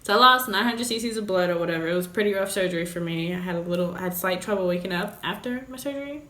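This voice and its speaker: A woman's voice: mid-range voice, fast talker, fairly bright tone. A young woman vlogger telling a candid story in a blunt, joking, profane way. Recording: roomy echoey room.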